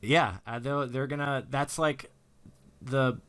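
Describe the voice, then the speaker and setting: Young male podcast co-host, relaxed, casual chat, mid-range voice. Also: medium pitch, slow, clear, resonant tone, no echo. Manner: laid-back, swears casually, laughs often.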